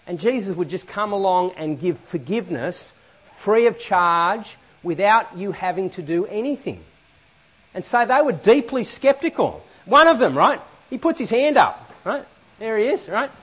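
A man preaching a sermon in a church hall, animated and often asking the congregation questions. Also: sits high, normal speed, slightly rough.

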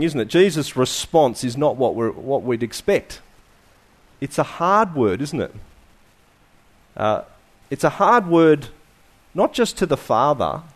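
Preaching with a pitch that swings vividly, a man fires rhetorical questions at his congregation and often lets his phrases sink into hushed endings.

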